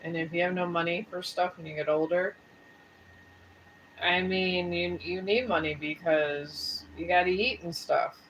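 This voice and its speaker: A woman's voice: fairly low pitch, steady tone, a little slow, fairly bright tone, lo-fi sound, slight background noise. A woman chatting casually on a live stream, rambling and folksy, a bit tired with a sore throat. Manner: rambling and folksy, talks straight to viewers. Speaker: live streamer and tarot reader.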